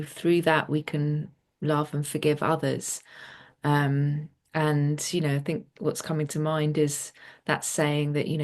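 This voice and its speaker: Woman, low voice, calm, reflective, spiritual self-help co-teacher. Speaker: co-facilitator.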